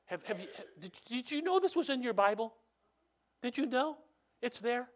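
A man preaching a sermon, telling stories with animated swings from hushed to loud and frequent restarts. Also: very high-pitched, normal speed. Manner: repeats and restarts phrases. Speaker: pastor.

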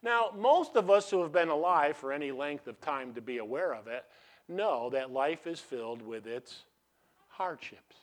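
A middle-aged man preaching a sermon as a pastor. He asks the congregation questions and lets them answer, and he swings between loud emphatic bursts and quiet asides. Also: fairly high pitch, expressive, moderate pace. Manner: call-and-response questions to the congregation.

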